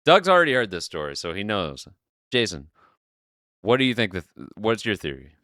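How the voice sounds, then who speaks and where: Low-voiced man reading a post aloud. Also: normal speed, no room sound, clean studio sound. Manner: animated storyteller, swears casually. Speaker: podcast host.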